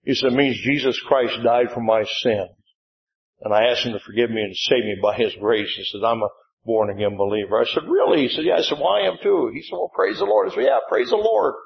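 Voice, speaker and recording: An older man preaching a revival sermon, storytelling and asking the congregation "amen?", building to excited shouts as he retells. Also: medium pitch, a little fast, vocal fry. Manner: call-and-response "amen?", rising to excited shouts when retelling. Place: church sanctuary. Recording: roomy dull church recording.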